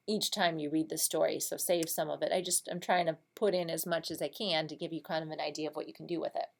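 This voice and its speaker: A woman teacher explaining a read-aloud lesson in a patient, unhurried way, with frequent ums. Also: low voice.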